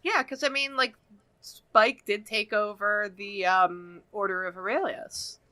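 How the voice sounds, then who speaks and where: A woman co-hosting a podcast in casual chat, relaxed and thinking aloud. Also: medium pitch, unhurried. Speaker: podcast co-host.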